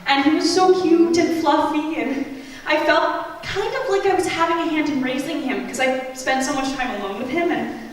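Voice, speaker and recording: A woman doing stand-up comedy, telling a story in an animated way and jumping into high voices for quotes. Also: moderate pace. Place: comedy venue stage. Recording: roomy hall, distant mic, audible noise.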